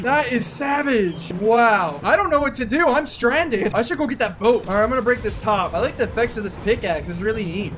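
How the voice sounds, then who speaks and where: A man hosting his own gaming channel, giving excitable let's-play commentary and whooping and yelling as he plays. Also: sits high, a little hiss or hum.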